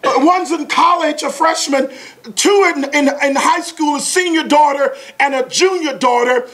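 A man's voice: very high-pitched, moderate pace, fairly bright tone. A man in his forties giving a motivational talk, telling a family story in a folksy, chuckling, exclamatory way. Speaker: motivational speaker. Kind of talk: animated storytelling talk to an audience.

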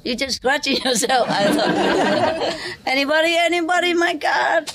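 A woman's voice: high-pitched, a little slow, over a noisy crowd, very noisy. A woman with a Vietnamese accent giving a spiritual teaching talk to an audience, playful, laughing often and quizzing her listeners.

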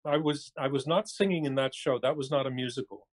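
Older man, actor guest, relaxed and dryly humorous, on a cell phone. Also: medium pitch, a little fast. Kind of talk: casual interview chat.

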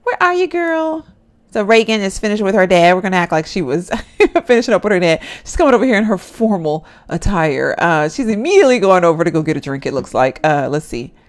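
A woman's voice: lowish voice, animated, quick pace. A young woman gives casual, chatty commentary as she plays a life-simulation game. She laughs often and talks straight to her viewers. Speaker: gameplay commentator. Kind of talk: casual let's-play commentary.

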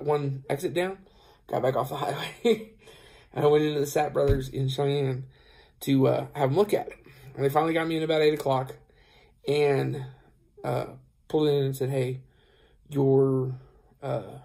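Gravelly, dark-voiced tired trucker. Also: male voice, medium pitch. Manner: rambling, retells dialogue, many fillers. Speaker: truck driver vlogger. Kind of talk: casual storytelling vlog.

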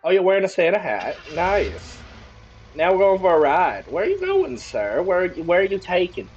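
A man giving excitable, joking commentary while playing a video game, often breaking into exclamations. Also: high voice, moderate pace, dull audio, faint music behind. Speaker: gaming YouTuber. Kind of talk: let's-play commentary.

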